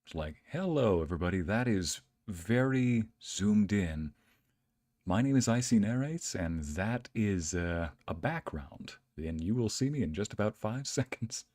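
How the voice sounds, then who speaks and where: A man's voice: lowish voice, animated, unhurried, a little mellow, no echo, clean studio sound. A man streaming from home, chatting casually and greeting viewers by name with playful exclamations. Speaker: streamer and narrator. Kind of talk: casual livestream chat.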